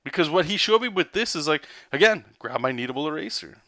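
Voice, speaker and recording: A man's voice: on the high side, animated, quick pace, pushed and bright, no room sound, clean studio sound. A man, a comic artist, giving a loose, rambling live drawing lesson. He talks casually, swears, and keeps checking in with "right?" and "okay?".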